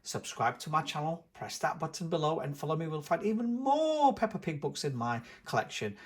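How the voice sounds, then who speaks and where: Brief: lively male storyteller for toddlers' read-alouds, lots of pitch movement. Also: a little fast, slightly rough. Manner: animated storybook narration. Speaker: channel host reading aloud. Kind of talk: children's read-aloud narration.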